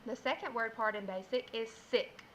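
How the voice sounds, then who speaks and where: A woman teacher giving a phonics lesson for young children, speaking slowly and clearly and sounding out letters one by one. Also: fairly high pitch, a little hiss or hum, rough recording.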